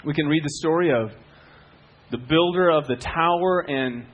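A middle-aged man preaching a sermon as a pastor, telling stories with swings from hushed to loud. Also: on the high side, normal speed, muffled recording.

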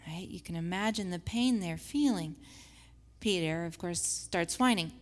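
A woman teaching a faith-based lesson with slides, who acts out the scripture quotes in lively voices. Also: lowish voice, measured pace, big-room sound. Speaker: Bible study teacher.

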